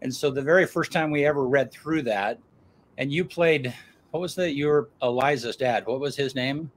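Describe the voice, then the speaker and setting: A man's voice: mid-range voice, normal speed, slight background noise. Rambling enthusiastic talk show host, male. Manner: rambling, many restarts, enthusiastic. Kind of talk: casual chat.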